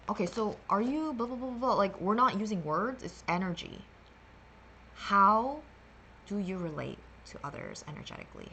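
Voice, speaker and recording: Woman, lowish voice, sassy and meandering, spiritual card-reading chat, faint background noise. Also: vocal fry, a bit bright. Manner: sassy, meandering, playful filler sounds. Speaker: meditation livestream host.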